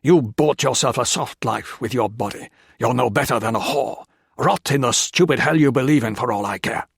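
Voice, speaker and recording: A man's voice: medium pitch, moderate pace, creaky, husky, no room sound, clean studio sound. A man voicing a curt, contemptuous colonel. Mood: contemptuous, furious. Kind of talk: audiobook character voice.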